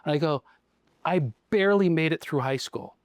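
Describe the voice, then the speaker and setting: A man's voice: on the high side, moderate pace, dry recording. Middle-aged man telling stories, dry mic. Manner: storytelling, acts out quoted dialogue. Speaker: dealership general manager and partner. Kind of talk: casual podcast interview.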